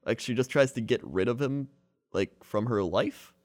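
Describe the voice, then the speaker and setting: A man's voice: mid-range voice, moderate pace, a little mellow, no echo. A man casually retelling a movie plot, filling his talk with "like" and quoted dialogue. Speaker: co-host recapping a movie. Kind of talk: casual chat.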